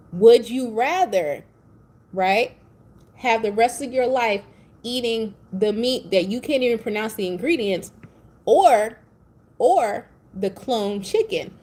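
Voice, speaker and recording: This tarot reader speaks at medium pitch with a slightly mellow quality, against faint background noise. Her casual reading is blunt, profane and chatty, and she drifts into playful tangents.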